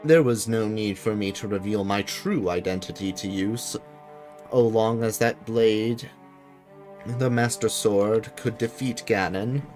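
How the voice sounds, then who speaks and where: A man reading game dialogue as a solemn ancient king who speaks through a talking boat, in a grave, measured way. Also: on the low side, a little mellow, faint music behind, close to an everyday voice.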